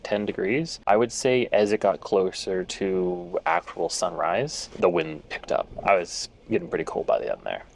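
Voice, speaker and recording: A man chatting in a travel vlog, explaining practical tips outdoors, slightly out of breath at high altitude. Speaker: travel vlogger. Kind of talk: casual travel vlog chat. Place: outdoors on a volcano lookout.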